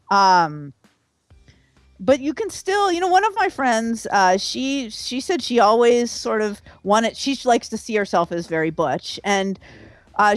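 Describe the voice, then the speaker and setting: A woman's voice: mid-range voice, dry recording. A woman, a sociologist guest, talking casually in an interview with many fillers and restarts. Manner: animated, with filler words and restarts.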